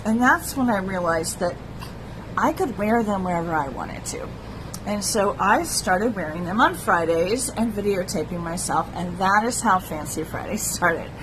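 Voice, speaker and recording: A middle-aged woman hosting her own vlog, talking to her viewers in a slow, soft-spoken and personal way. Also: medium pitch, lively intonation, background noise. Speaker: vlog host. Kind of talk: heartfelt personal vlog talk.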